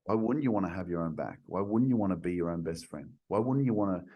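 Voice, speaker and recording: A man with a very low voice, reflecting in a casual conversation as host. He muses aloud and builds his point with a string of rhetorical questions. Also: lively intonation, fast talker, dark tone.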